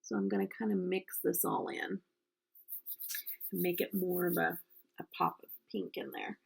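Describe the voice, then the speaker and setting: A woman's voice: on the low side, animated, normal speed, gravelly, slightly rough. A middle-aged woman from the United States chatting casually while doing her makeup, telling a story with lots of ums. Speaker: makeup vlogger.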